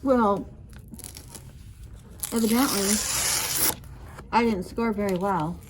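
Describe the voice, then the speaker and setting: A woman's voice: mid-range voice, slow, noisy background. A woman explaining a sewing tool in casual chat, hesitant, with fillers. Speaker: sewing tutorial co-host.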